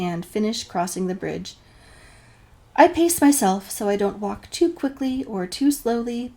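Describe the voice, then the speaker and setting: A woman's voice: a little high, mellow. A woman from New Hampshire telling a personal story to the camera, wry and self-deprecating. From New Hampshire, USA. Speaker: vlogger.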